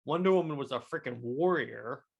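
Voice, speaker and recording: A young adult man hosting a solo podcast review, talking excitedly and rambling with many stammered restarts. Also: mid-range voice, normal speed, vocal fry, slightly rough, lo-fi sound. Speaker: podcast host.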